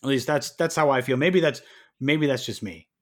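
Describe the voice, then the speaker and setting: A man co-hosting a podcast, telling stories in a casual, animated and exasperated way. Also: medium pitch, moderate pace. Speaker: podcast co-host. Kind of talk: casual chat.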